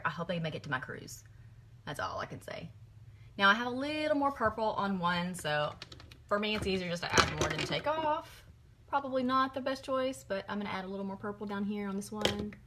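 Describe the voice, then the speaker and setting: A woman's voice: mid-range voice, bright, forceful tone, a little hiss or hum. A middle-aged woman, chatting through a makeup tutorial in a gushing, rambling way. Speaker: makeup vlogger.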